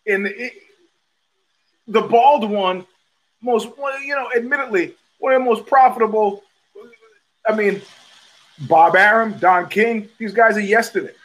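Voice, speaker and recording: A man's voice: sits high, unhurried, pauses often, fairly bright tone, rough recording. A middle-aged man hosting a podcast, talking in a profane, rambling casual monologue full of restarts. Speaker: podcast host.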